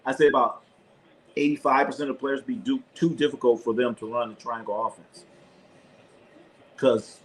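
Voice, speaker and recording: Excitable man calling a game live. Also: medium pitch, a little hiss or hum, low-quality recording. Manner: excitable, shouts at players, casual swearing. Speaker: sports streamer and live commentator. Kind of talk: live play-by-play commentary and casual sports chat.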